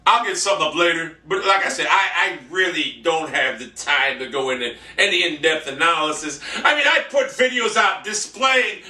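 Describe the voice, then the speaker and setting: A man ranting brashly and profanely in a monologue vlog, boasting loudly. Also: a little high, moderate pace, few pauses, recorded from a distance. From United States. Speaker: vlogger. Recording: echoey room, off-mic.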